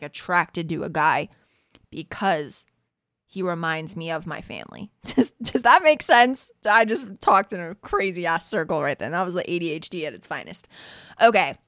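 A young woman hosting a podcast recaps a reality show in a casual chat, full of "like," frequent laughter, and easy swearing. Her voice is on the low side and a bit bright, recorded with clean studio sound and no echo.

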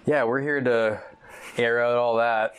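A man's voice: medium pitch, fairly even intonation, unhurried, a bit bright. A man co-hosting a casual podcast from his couch by the fire, chatting easily and often checking in with "right?". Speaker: podcast co-host. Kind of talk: casual chat. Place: living room by the fireplace, on a couch. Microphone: old basic podcast microphone.

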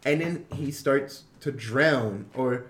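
A man's voice: mid-range voice, slow. A man in casual chat, animatedly retelling a film plot with crude slang. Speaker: podcast co-host retelling a film. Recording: roomy echo.

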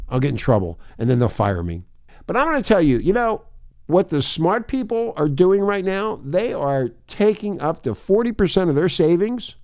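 A man's voice: on the high side, darkish tone, dry recording, studio quality. A man hosting talk radio who rants in a profane, emphatic and confrontational way. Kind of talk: ranting talk radio monologue.

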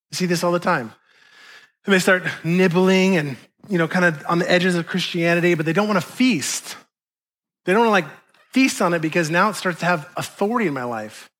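High-voiced animated male pastor. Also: fairly quick. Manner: conversational, animated preaching with acted-out quotes. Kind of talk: sermon.

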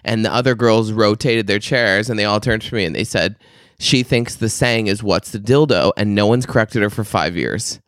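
A man telling a story in casual podcast chat, laughing often and swearing freely, sometimes mimicking shrill yelling. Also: moderate pace, no echo, studio quality. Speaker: podcast co-host.

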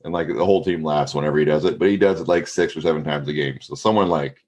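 A man with a very low, deep voice talks sports with a co-host on a casual podcast. He rambles, leans on fillers, and perks up when he retells a moment from a game. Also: quick pace, a little mellow.

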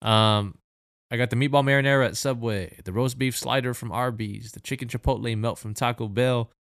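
A man's voice: mid-range voice, steady tone, fairly quick, fairly bright tone, no echo, studio quality. A man hosting a casual podcast game, teasing his guests as he keeps the rounds going. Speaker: podcast host. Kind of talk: casual chat.

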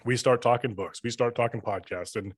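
Fast-talking, cussing salesman guest. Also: mid-range voice, breathy edge, dry recording. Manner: profane, rambling anecdotes with acted-out dialogue. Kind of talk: casual storytelling chat.

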